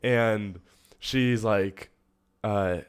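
A man's voice: on the low side, extremely slow, smooth. Young man chatting and laughing on a podcast. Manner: chatty, laughs while telling stories, acts out quoted voices. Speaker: podcast co-host. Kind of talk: casual chat, storytelling. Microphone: earbuds.

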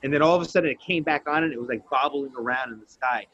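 A man's voice: mid-range voice, very fast, dull audio. A man telling a story in casual podcast chat, swearing freely and acting out the lines he quotes. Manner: profane, animated storyteller who acts out quotes.

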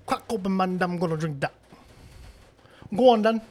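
A man doing a squeaky, brash London street tough. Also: fast talker, background noise, natural voice. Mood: taunting. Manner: mocking, squeaky voice cracks. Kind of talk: casual chat.

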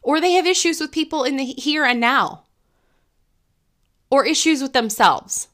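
Middle-aged woman, podcast host; soft, earnest reflective talk, slightly high, very bright tone, thinks aloud. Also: lively intonation, measured pace. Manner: gentle, earnest, thinks aloud with repeated restarts. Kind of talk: reflective spoken monologue.

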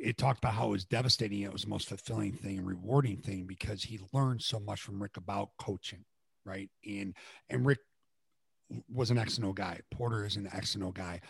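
A middle-aged man, a former basketball coach, telling stories in an animated conversational way, often checking in with "okay" and "right". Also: lowish voice, creaky, breathy edge, dry recording. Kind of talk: conversational storytelling.

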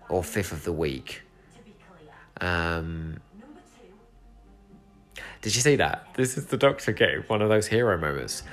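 English male podcast host, low voice, chatty and fired up, swears casually. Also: fairly bright tone. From England. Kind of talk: solo episode commentary. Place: home room with a cat.

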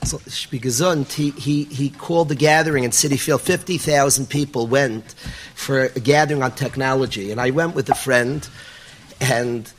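A man from New York emceeing a gathering, joking and lively, mixing Yiddish and Hebrew words into his English. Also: mid-range voice, moderate pace, a little hiss or hum.

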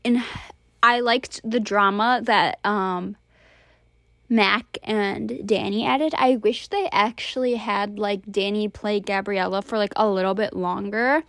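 A woman's voice: medium pitch, fairly even intonation, slow, a bit bright, no echo, studio quality. A young woman chatting casually as she reviews movies and shows, rambling and blunt with lots of fillers. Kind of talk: casual monthly review chat.

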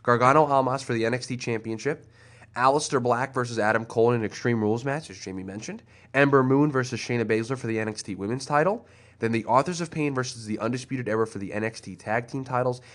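Fast-talking, excitable male podcast co-host. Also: medium pitch. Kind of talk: casual chat.

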